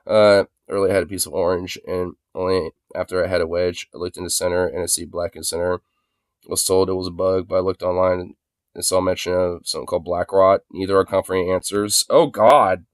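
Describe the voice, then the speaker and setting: A man's voice: deep voice, fairly even intonation, fairly quick, no echo, clean studio sound. A young man streaming from his phone, rambling in casual chat full of filler words and swearing. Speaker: livestreamer.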